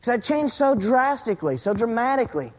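A pastor's sermon from a man with a notably high voice. He tells a story, sinking into a hushed, low murmur for the suspense and lifting again as his excitement builds. He often stumbles over a first word and repeats it before going on. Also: fairly quick. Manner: repeats words and restarts phrases.

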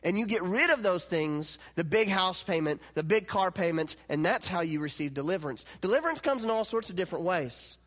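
A man preaching a sermon as pastor, animated and swinging between loud, emphatic lines and hushed, quiet ones. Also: high voice, a little fast, few pauses. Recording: long hall reverb.

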